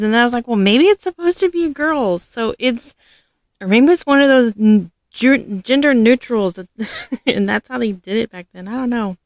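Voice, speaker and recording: A woman with a fairly high, gravelly voice talks slowly through a casual show-and-tell vlog. She gushes over each item with affection and often breaks into soft laughs. The sound is dry and close. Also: no echo. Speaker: doll collector showing reborn dolls.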